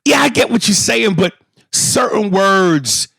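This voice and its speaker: Podcast co-host: man, gravelly and fairly high voice, dry close mic. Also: unhurried, no echo. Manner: animated, swears freely, mimics voices. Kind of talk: casual podcast chat.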